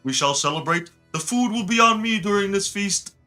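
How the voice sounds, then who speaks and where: Guy doing a lofty old wizard voice, formal and pitched up high. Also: lively intonation, moderate pace, pushed and bright, faint music behind. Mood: grandiose.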